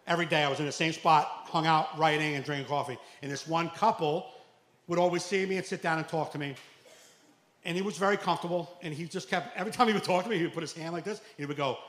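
A man doing a stand-up comedy set, animated and acting out characters with sudden loud outbursts. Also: a little high, quick pace. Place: comedy club. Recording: echoey club with faint ambience.

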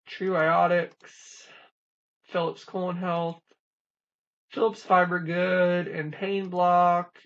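A couponing channel host giving a casual rundown, reading items off in a quick plain list. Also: medium pitch, muffled recording.

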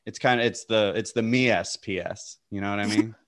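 A man performing improvised comedy with playful, rambling, deadpan asides. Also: lowish voice, brisk.

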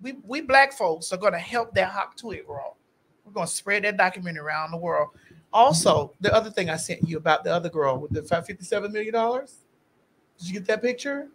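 A woman podcast host in casual chat, loud and emphatic, repeating phrases for effect. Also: mid-range voice, animated, fairly quick, a little hiss or hum.

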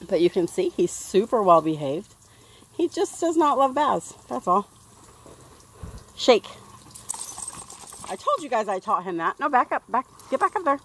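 Outdoors by a pool, a woman bathes her dog while narrating a casual vlog for her viewers, coaxing him in a sing-song voice. Her voice is fairly high and husky, with big pitch swings, and she speaks a little slowly with frequent pauses.

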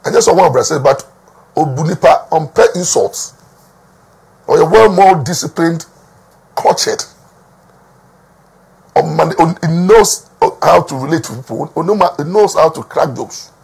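A man's voice: a little high, a little slow, creaky, long pauses, darkish tone, slightly rough. A man with a Ghanaian accent giving emphatic gossip news commentary, repeating words for stress and mixing Twi with English. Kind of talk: talking-to-camera gossip commentary.

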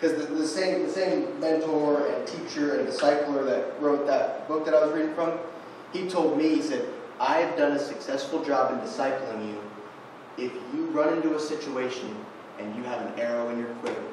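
A young man with a fairly high, slightly mellow voice speaks at a normal pace as a guest preacher in a church sanctuary, telling a fishing story with self-deprecating humor. The recording is noisy and distant, with the echo of the church room.

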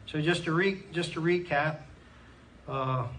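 A man's voice: a little high, measured pace, fairly bright tone. A man preaching a sermon in a church, earnestly reading scripture aloud and punctuating points with amens, with a Pennsylvania American accent. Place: church hall. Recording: distant mic in a church with faint room noise.

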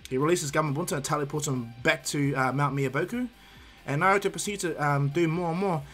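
A man's voice: on the high side, fast, a bit bright, soft background music. Man narrating fan fiction with many fillers. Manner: hesitant, frequent fillers and restarts. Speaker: storyteller.

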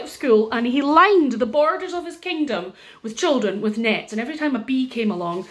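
A Scottish woman reading a children's story aloud with a lively, sing-song delivery. Her voice sits a little high for a woman and rises and dips freely as she pauses and turns to the listeners with asides. It is a playful storytelling voice for young children. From Scotland.

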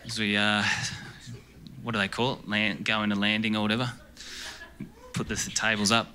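Aussie bloke doing stand-up, rambly deadpan delivery, live club sound with steady noise. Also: male voice, on the low side, normal speed. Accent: Australian. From Australia. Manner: rambling, deadpan, self-interrupting. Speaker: stand-up comedian. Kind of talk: stand-up comedy set. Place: comedy club stage. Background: audience laughter.

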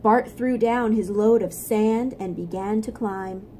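A woman reading a picture book aloud to young children, gently stopping to explain things. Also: medium pitch, measured pace, a little hiss or hum. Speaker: storyteller for children.

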